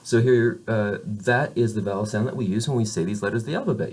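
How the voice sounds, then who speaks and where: A man's voice: fairly low pitch, lively intonation, fast talker, darkish tone, breathy edge. Hesitant man teaching French vowel sounds. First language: English. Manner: patient, hesitant, many "uh" fillers, demonstrates vowel sounds. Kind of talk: recorded pronunciation lesson. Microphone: camera facing the speaker.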